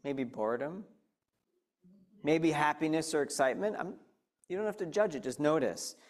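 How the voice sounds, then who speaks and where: A man with a slightly high voice gives a lively, conversational talk to a live audience. He often turns to his listeners with questions and guides them through a simple practice as he speaks. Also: normal speed. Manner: animated, addresses listeners directly with questions. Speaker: speaker leading a mindfulness talk.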